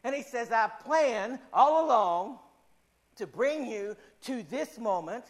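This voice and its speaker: Guy preaching in church, really high voice, slows way down to hammer points. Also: animated. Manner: earnest, repetitive, slows for emphasis. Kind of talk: sermon.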